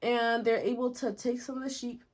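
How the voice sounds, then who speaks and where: A woman recapping a story in a casual, chatty way, full of "like" and little giggles, with quick asides. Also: a little high, fairly even intonation. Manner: chatty and giggly, heavy use of "like". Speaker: video host recapping a musical. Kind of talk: casual chat.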